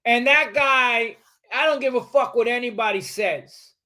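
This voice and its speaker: A man's voice: very high voice, a little slow, bright, forceful tone. An older man from New York City with a New York accent, a podcast guest talking bluntly, profanely and combatively in casual conversation. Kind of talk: casual interview chat.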